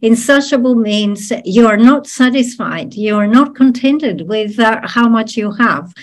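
A woman giving a Buddhist teaching, explaining a text in a measured way with frequent ums and uhs. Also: on the high side, expressive. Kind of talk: dharma teaching talk.

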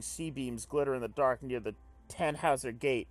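A man hosting a let's play, reading a visual novel aloud and breaking off into excitable, swearing commentary. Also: medium pitch, normal speed, no room sound, faint music behind. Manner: excitable, swears, jumps between reading and reacting.

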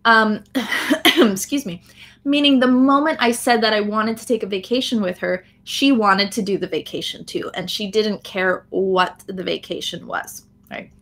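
A woman's voice: mid-range voice, normal speed, fairly bright tone. A woman with an American accent, explaining phrases in a live online English lesson, often checking in with "right?". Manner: frequent "um" fillers. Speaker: English teacher.

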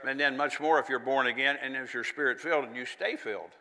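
A man preaches a sermon in a folksy, conversational style, full of chatty asides and little laughs. His mid-range voice is fast with a sharp tone, and the sound suggests a big room.

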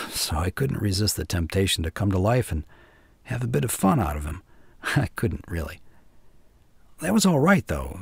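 A man reading the part of a mad, white-haired old doctor who talks low and slyly, laughing to himself, in an audiobook. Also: gravelly, breathy edge, no room sound, full character voice. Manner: rambling, low and sly with laughs. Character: mad old male doctor, genial then menacing.

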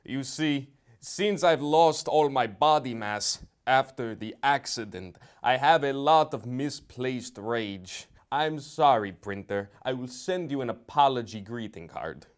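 A man playing an overly polite, slow-spoken ex-bodybuilder. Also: medium pitch, expressive, clear, resonant tone, lightly acted. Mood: apologetic. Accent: North Carolina. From North Carolina. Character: polite humble former bodybuilder man with misplaced rage. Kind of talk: improvised comedy interview.

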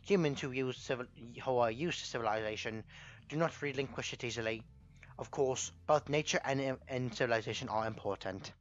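A man's voice: medium pitch, brisk, natural voice. A man reading out a pompous male villain's lines in a theatrical voice, stumbling over the words now and then. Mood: grandiose. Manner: theatrical, stumbling dramatic reading of game text. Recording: slightly muffled, game music behind.

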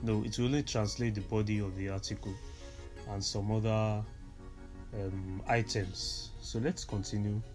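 A man with a fairly low voice guides listeners through a tutorial step by step. He stumbles and restarts often, leaning on ums as he explains. Music plays clearly behind him. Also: fairly even intonation, moderate pace. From Nigeria. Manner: hesitant, repeats words, many fillers, instructive. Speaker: tech tutorial presenter. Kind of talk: screen reader tutorial walkthrough.

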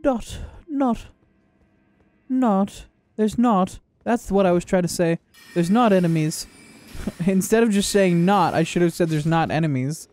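A man giving casual gameplay commentary, joking, swearing and reacting loudly to the game. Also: sits high, moderate pace. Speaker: gaming video creator.

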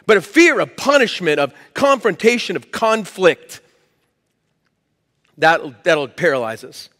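A man's voice: fairly high pitch, very animated, a little slow, long pauses, fairly bright tone, long reverb tail. A man preaching a sermon as pastor, in a conversational, emphatic way. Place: church hall.

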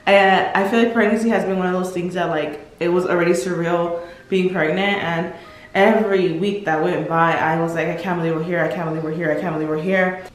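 A woman's voice: fairly low pitch, recorded from a distance. A young pregnant woman, days from giving birth, talking to her viewers in a gushing, emotional vlog with lots of fillers. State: heavily pregnant, days from labor. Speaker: vlogger. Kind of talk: casual vlog talk to viewers. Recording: roomy echo, mic set back.

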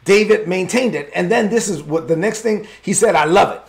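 A man pastor preaching a sermon in a lively, conversational way with bits of slang. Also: sits high, brisk, gravelly.

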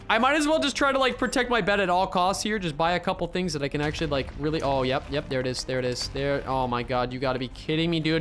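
A young man giving excitable gameplay commentary as a YouTuber, dropping to mutters and bursting into shouts. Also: sits high, fast, few pauses. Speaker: gaming YouTuber.

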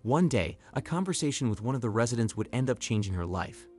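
A man giving scripted story narration in an even, clear delivery. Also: medium pitch, fast talker.

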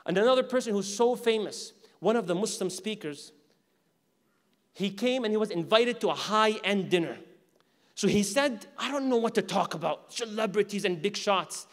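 A man with a fairly high voice teaches at a mosque in a lively lecture style. He acts out imagined speakers and keeps asking the audience questions. His voice carries a long reverb from the hall. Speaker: Islamic teacher. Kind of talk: religious lecture.

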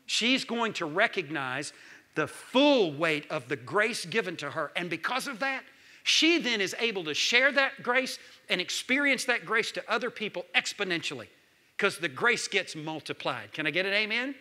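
A man, preaching a sermon as pastor, swinging between loud calls and hushed lines. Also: sits high, big pitch swings, normal speed.

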